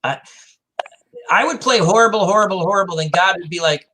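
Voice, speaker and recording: A man's voice: high voice, brisk, long pauses, pushed and bright. A man hosting a casual chat, rambling through self-deprecating stories. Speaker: host. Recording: faint background noise.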